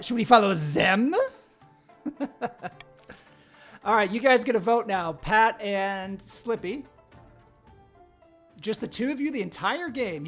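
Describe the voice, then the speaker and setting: A man hosting a game stream, reading the story text aloud and chatting with players between passages. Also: high-pitched. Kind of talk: game narration and casual chat.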